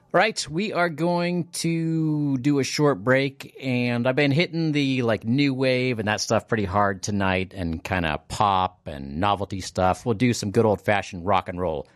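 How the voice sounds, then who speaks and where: Chatty male radio DJ, low voice. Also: no echo, clean studio sound. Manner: rambling, chatty, jumps between slow and fast. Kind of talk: casual radio DJ chat. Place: radio studio. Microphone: studio mic.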